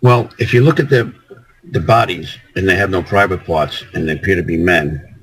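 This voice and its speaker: A man's voice: sits low, moderate pace, breathy edge, low-quality recording. A man talking as a guest on a casual call-in show, rambling and repeating himself as he restarts sentences.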